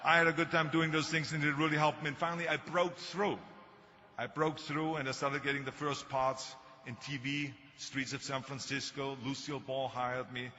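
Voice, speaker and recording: A man's voice: medium pitch, fairly even intonation, moderate pace, sharp tone. An older man with a thick Austrian German accent gives a motivational speech, telling stories with dry humor. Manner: storytelling with humor. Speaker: speaker. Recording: muffled hall recording.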